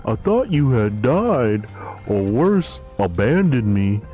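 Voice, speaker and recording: A man voicing a clingy, melodramatic undead man in a game, speaking in a high, theatrical voice. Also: sing-song, slow pace, muffled recording, faint music behind. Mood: gushing dramatic. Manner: theatrical, gushing.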